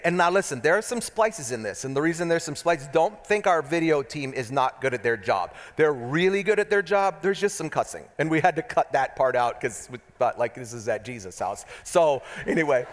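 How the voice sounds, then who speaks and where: A man preaching a humorous sermon as pastor, telling stories with jokes and asides to the crowd. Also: on the high side. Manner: joking, storytelling, talks to the crowd with asides. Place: church hall. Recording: long church hall echo.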